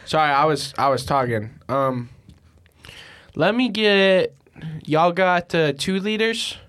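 A young man with a fairly high voice jokes crudely through a prank call. He talks casually, laughs a lot and is audibly high. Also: expressive, slow pace, a bit bright. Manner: crude, joking, laughs often. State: high, intoxicated. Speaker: podcast host. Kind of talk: casual chat, prank calling.

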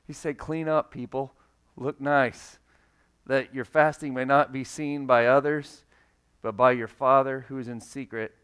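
A man delivering a sermon from the pulpit in a relaxed, conversational manner. His voice sits at a middle pitch, and he reads scripture aloud and sometimes acts out the people he quotes. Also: unhurried, smooth. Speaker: pastor.

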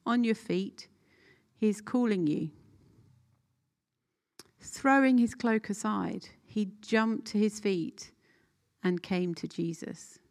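A woman leading a guided scripture meditation, reading a passage aloud and calmly inviting listeners to pause and reflect. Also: mid-range voice. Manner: calm, unhurried, gently instructive with pauses.

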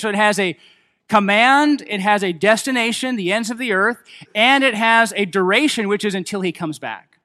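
A man's voice: high-pitched, moderate pace, pushed and bright. A man preaching a sermon as pastor, in a casual, self-deprecating way with many fillers.

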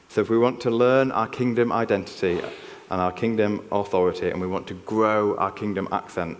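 This lowish male voice comes with a little hiss or hum and the long reverb of a church hall. A man from Yorkshire, England, he preaches in an earnest, conversational manner and frequently starts his sentences over.

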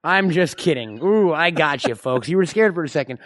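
A man's voice: on the high side, expressive, brisk, a bit bright. A man co-hosting a comedy podcast, teasing his co-host with crude jokes and reading an ad. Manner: profane, teasing, jokey. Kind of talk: crude comedic banter and ad read. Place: live show venue in front of audience.

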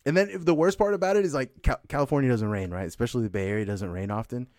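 A man's voice: mid-range voice, very fast, a little mellow, dry recording, clean studio sound. A young man telling a rambling, profane story in casual chat, full of "like" and swearing. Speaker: podcast co-host telling a story.

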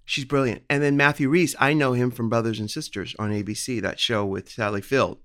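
A man's voice: mid-range voice, steady tone, a little fast, fairly bright tone. A man co-hosting a podcast, gossiping casually about a TV show and swearing now and then. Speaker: podcast co-host. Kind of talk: casual chat.

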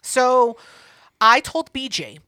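A woman co-hosting a podcast, telling a story in casual chat, profane and animated, acting out what people said. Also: high voice, takes it slowly, no echo, clean studio sound. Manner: profane, animated, acts out quotes. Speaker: podcast co-host.

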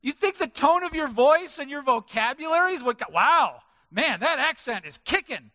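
High-voiced, emphatic male preacher. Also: sing-song, moderate pace, few pauses, pushed and bright. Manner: emphatic, drives points home with stacked word lists. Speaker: pastor. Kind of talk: sermon. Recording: reverberant hall.

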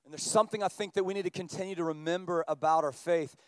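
A high-pitched man preaching a sermon, swinging from quiet, low stretches up to loud, climbing passages. His voice is close and dry, with little room sound around it. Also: fast talker, clear, resonant tone, no echo. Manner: animated preaching, rising in pitch and volume as he builds. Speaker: pastor.

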